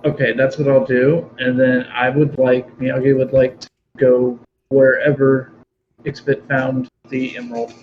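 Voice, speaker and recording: A man's voice: medium pitch, flat delivery, a little slow, dull audio, slight background noise. A man playing a tabletop game, casual, playful and dry. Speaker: player.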